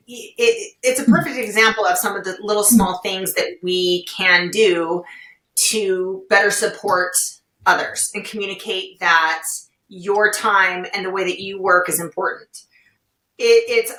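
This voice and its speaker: Bright-voiced woman in a roomy space. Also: mid-range voice, a little slow. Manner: expressive storyteller, animated retellings. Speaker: podcast guest, legal well-being director. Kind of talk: casual conversational interview. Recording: roomy, distant-mic sound.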